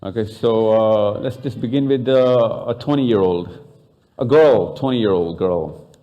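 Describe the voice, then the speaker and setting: A man's voice: on the low side, measured pace, muffled recording. A man from Pakistan with a Pakistani accent, giving a live talk to an audience and bantering with them, switching into Urdu and Hindi. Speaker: speaker.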